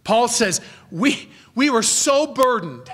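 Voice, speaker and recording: A man preaching an expository sermon as pastor, earnest, his voice rising in pitch and volume for emphasis and then dropping low and quiet, now and then correcting himself. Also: expressive, slow pace.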